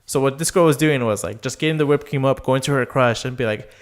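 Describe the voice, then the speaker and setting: A man's voice: medium pitch, fast talker, clean tone. A young man, casually telling rambling stories on a podcast, full of fillers and quoted voices. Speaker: podcast co-host. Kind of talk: casual storytelling chat.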